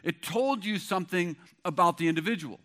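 A man's voice: high-pitched, fairly quick, fairly bright tone. A middle-aged man preaching a sermon as pastor, with an emphatic, repetitive cadence.

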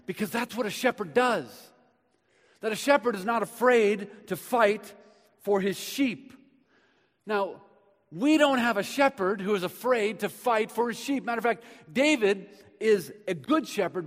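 A male pastor delivers a sermon from the stage of a church sanctuary. His fairly high voice swings from soft, hushed passages to loud, emphatic bursts. A long reverb from the large hall trails behind every phrase. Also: animated, a little slow.

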